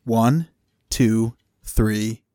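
Slow-talking dry podcast host. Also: male voice, fairly low pitch, steady tone, dark tone, dry recording. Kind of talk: casual chat.

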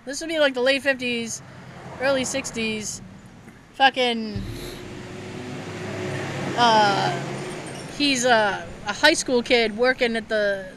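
A woman hosting a podcast, telling a family story in casual chat, animated and swearing freely with frequent laughter. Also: fairly high pitch, a little hiss or hum. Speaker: podcast host.

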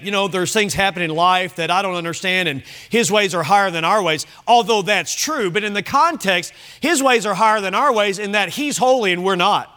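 A man's voice: high voice, bright, forceful tone. A man preaching an earnest sermon as pastor, quoting scripture in old-fashioned wording. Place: church sanctuary.

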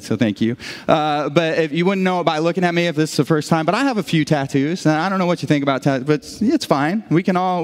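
A middle-aged male pastor gives a sermon with a slightly raised speaking pitch. He talks in an easygoing, chatty way, trips over his own sentences and turns to the congregation with quick asides. His voice carries a long, echoing church reverb. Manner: conversational, frequent restarts, asides to the congregation. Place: church sanctuary.

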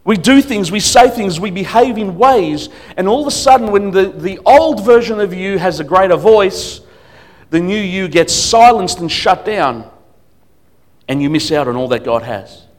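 A man's voice: high voice, expressive, normal speed. Emphatic man preaching a sermon. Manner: emphatic, swings between loud declarations and quiet asides. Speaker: guest preacher. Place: church service.

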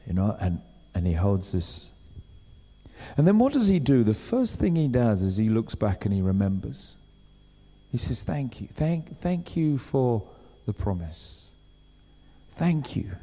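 Conversational preacher in a reverberant hall. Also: male voice, mid-range voice, dark tone. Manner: conversational, acts out quoted voices. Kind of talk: sermon.

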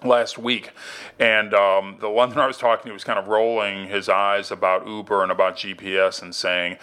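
A man's voice: on the low side, flat delivery, normal speed, bright, forceful tone, smooth. A man co-hosting a design podcast, talking in a casual, enthusiastic and thoughtful way. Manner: enthusiastic, thoughtful, restarts often. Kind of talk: casual conversation.

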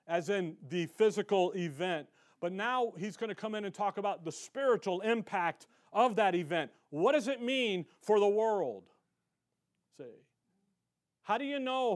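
Fervent high-voiced man preaching. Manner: fervent, colloquial preaching that swells in volume. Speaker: pastor. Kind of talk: sermon. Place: church.

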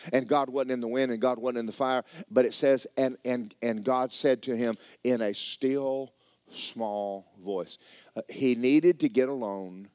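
A man's voice: mid-range voice, a little mellow, no echo. A man preaching a sermon as pastor, folksy and joking, repeating words for effect.

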